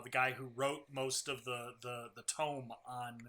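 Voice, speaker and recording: Bright-voiced man ranting about games. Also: medium pitch, flat delivery, measured pace. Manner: opinionated, rambling game news commentary. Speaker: co-host. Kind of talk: casual gaming podcast chat.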